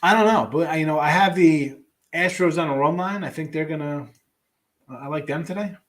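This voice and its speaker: A man's voice: a little high, normal speed. A man hosting a sports betting show, running through daily picks in a casual, offhand way with wry asides and trailing restarts, while reading a live chat.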